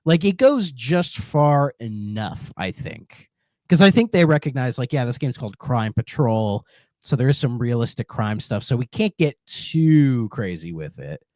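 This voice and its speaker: A man's voice: medium pitch, measured pace, dry recording. A man co-hosting a podcast in a casual chat, telling stories with lots of laughter. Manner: laughs often, animated storytelling. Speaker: podcast co-host.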